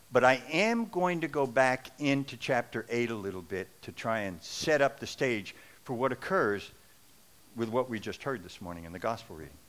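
A man's voice: medium pitch, a bit bright. A middle-aged man preaching a sermon in an earnest, conversational and wry manner.

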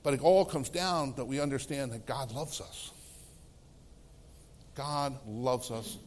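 A middle-aged man, a pastor, preaching a sermon in a conversational way, laughing between phrases and swinging from loud exclamations to hushed, soft tones. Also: medium pitch, slow, long pauses.

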